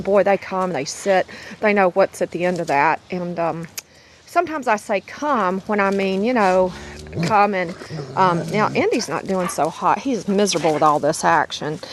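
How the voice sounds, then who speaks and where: A woman's voice: medium pitch, lively intonation, moderate pace, a little hiss or hum, rough recording. A middle-aged woman, a dog breeder, narrating a casual home video in a chatty, rambling, affectionate way. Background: puppies squealing and playing.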